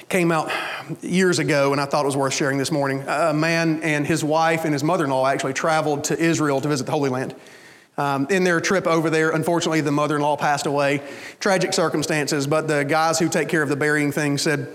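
High-voiced pastor preaching in a hall. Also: male voice, a bit bright. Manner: conversational preaching, asks the congregation "you understand?". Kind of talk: sermon.

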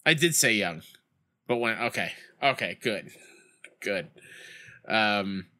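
A young man chats casually through a baseball game stream, his voice bright and forward. His pitch swings widely, jumping up into shouts when a play goes wrong, and he drifts into rambling stories between at-bats. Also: expressive, takes it slowly. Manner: reads chat aloud and tells rambling school stories. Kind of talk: casual gaming stream chat.

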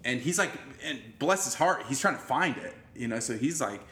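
A man's voice: medium pitch, lively intonation, normal speed, pushed and bright. A man in casual conversation, animatedly retelling a story with plenty of swearing and restarts. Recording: roomy echo.

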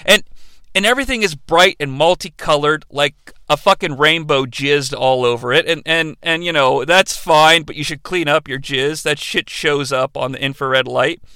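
A man hosting a comedic movie recap, joking and swearing freely in an animated rant. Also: fairly high pitch, normal speed, clean tone, no room sound. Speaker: movie reviewer host.

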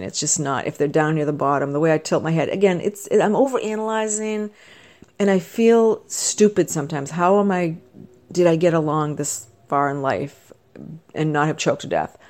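A woman's voice: sits low, normal speed, a little mellow. A middle-aged woman talking to camera in a casual, rambling monologue, chatty and self-deprecating with wandering asides. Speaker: vlogger.

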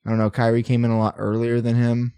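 A young man in his twenties trades easy, profane banter as a podcast co-host. His mid-pitched voice comes through close and dry, with no room sound around it. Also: completely flat delivery, fast talker, dark tone, clear, resonant tone, dry recording. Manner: profane, laughing, loose sports chatter.

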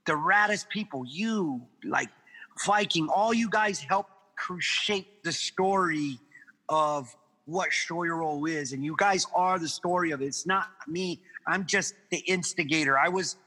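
A man from Guam tells loose, animated stories as a guest on a podcast. His voice sits high and very bright, with some huskiness. The room gives it a long, echoing tail. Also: unhurried, breathy edge. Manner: animated, laughing, swearing storyteller. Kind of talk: casual storytelling chat.

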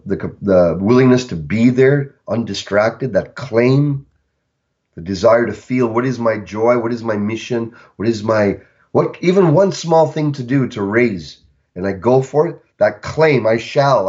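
A man who works as a coach, speaking on a podcast in a reflective, storytelling way and slowing down on key words. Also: mid-range voice, lively intonation, darkish tone. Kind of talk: casual podcast conversation. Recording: dull lo-fi recording.

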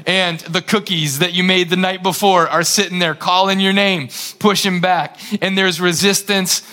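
A male pastor preaching a sermon in an energetic, conversational way, retelling scripture scenes dramatically. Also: sits high, moderate pace.

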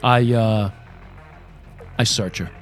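A man playing a tabletop game, talking bluntly and profanely in quick bursts with frequent restarts. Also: fairly low pitch, fairly even intonation, faint music behind. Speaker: player. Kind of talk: casual tabletop game play.

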